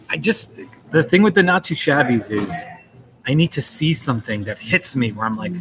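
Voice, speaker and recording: A man's voice: mid-range voice, expressive, normal speed, noisy background. A man chatting casually on a live stream from a coffee shop, greeting viewers by name in a playful, chuckling way.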